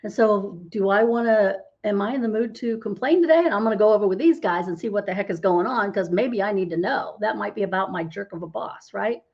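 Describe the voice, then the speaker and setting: A woman's voice: mid-range voice, fairly quick, hardly any pauses, darkish tone. Woman explaining, with a slightly dull sound. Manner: explanatory, tags lines with "right?". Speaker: holistic healer guest. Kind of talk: podcast interview.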